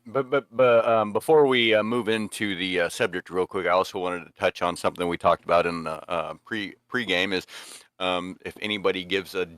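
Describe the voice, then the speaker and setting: A man's voice: deep voice, fairly even intonation, a little fast, a bit bright, clean tone, dry recording. A man co-hosting a podcast, chatting casually and stammering through many fillers. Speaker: podcast co-host.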